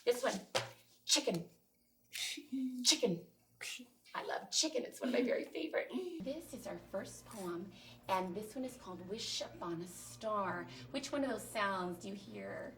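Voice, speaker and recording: A woman teacher leading a small group through a phonics lesson, patiently and encouragingly modeling each sound clearly. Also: mid-range voice, lively intonation, normal speed. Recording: distant mic with faint noise.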